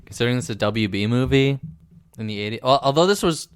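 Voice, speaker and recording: A man's voice: mid-range voice, animated, quick pace, clean tone, no echo. Dry-sounding man rambling through movie chat. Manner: rambling, joking, trails into asides. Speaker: co-host of movie reaction commentary. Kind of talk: casual movie commentary chat.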